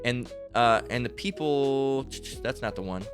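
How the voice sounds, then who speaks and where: A man's voice: medium pitch, measured pace, over music. A man preaching a fiery, profane sermon, reading scripture aloud and often breaking off with "all right?" asides. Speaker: street-style preacher.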